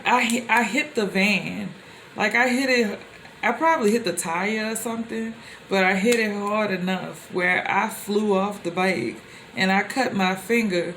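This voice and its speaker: A young woman telling personal stories to the camera in a loose, conversational way, with animated exclamations. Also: medium pitch, a little hiss or hum. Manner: animated, with rising exclamations when quoting others; loose and conversational, with many fillers and restarts. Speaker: vlogger.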